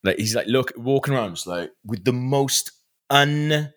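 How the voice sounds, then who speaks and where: A man's voice: medium pitch, moderate pace. A man, a podcast host, telling a story casually and animatedly, laughing often. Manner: animated, lots of fillers and restarts, laughs often.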